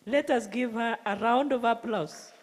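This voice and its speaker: A Kenyan woman with a Kalenjin accent moderating a conference question session, halting with frequent restarts. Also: on the high side, a little hiss or hum. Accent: Kenyan English, Kalenjin. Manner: halting, many restarts and fillers. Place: university conference hall. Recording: long reverb of a conference hall.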